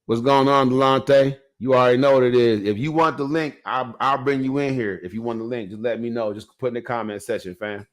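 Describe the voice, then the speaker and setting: A man's voice: medium pitch, fairly even intonation, fairly quick, hardly any pauses. A man hosting a podcast, telling a story in a rambling, slangy way and talking straight to his viewers. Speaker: podcast host. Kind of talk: casual storytelling monologue.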